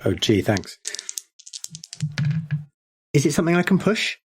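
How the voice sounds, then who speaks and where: A man playing a tabletop horror game, talking through his character's actions in a thoughtful, halting way. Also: on the high side, big pitch swings, slight background noise. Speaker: player. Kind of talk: casual tabletop game play.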